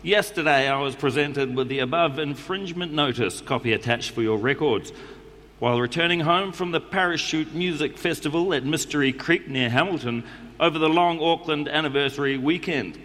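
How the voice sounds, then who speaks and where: A man's voice: fairly high pitch, normal speed, a bit bright. A man with a New Zealand accent reading a letter aloud to a live audience, in a dry, formal, mock-serious way. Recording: echoey hall, faint background noise.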